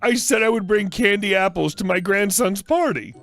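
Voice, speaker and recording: A man's voice: high-pitched, normal speed, fairly bright tone, voice pushed up. A man reading the lines of an angry older woman who insistently demands candy apples from a stranger. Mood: tearful. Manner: insistent, accusing questions. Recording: faint music underneath.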